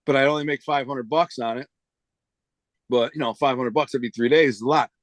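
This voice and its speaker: Brief: man, street slang storyteller, medium pitch, dry close sound. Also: steady tone, brisk, no room sound. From United States. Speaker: interview guest. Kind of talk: casual storytelling.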